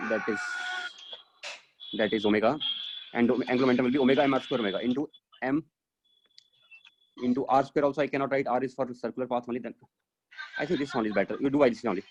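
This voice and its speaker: A man's voice: medium pitch, fairly even intonation, fast talker, long pauses, darkish tone, muffled recording, slight background noise. A man teaching physics in a live online class over a video call, explaining step by step and thinking aloud with many fillers.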